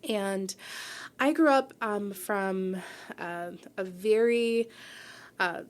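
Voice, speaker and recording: A woman in her forties, originally from New York, speaks as a guest in a radio studio. She talks in an earnest, reflective way in a middle pitch and often asks "right?" to check in with the listener. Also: drawn-out words. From New York, USA. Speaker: guest, publisher and founder. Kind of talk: radio interview, personal story.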